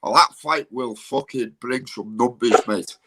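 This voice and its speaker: A man's voice: mid-range voice, measured pace, fairly bright tone. A man, a YouTuber, talking bluntly and swearing in a casual live-stream chat. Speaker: YouTuber and guest.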